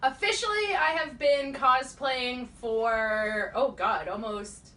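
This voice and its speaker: A young woman in her twenties, a guest cosplayer in casual chat, talking in a chatty, animated way with lots of "like" fillers. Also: sits high, slow pace. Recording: roomy echo, mic at a distance.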